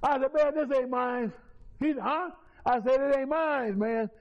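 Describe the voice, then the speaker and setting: High-voiced man telling his story. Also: moderate pace, lo-fi sound. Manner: colloquial, repetitive restarts, chuckles through the story. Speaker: speaker giving a personal testimony. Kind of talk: lively storytelling testimony.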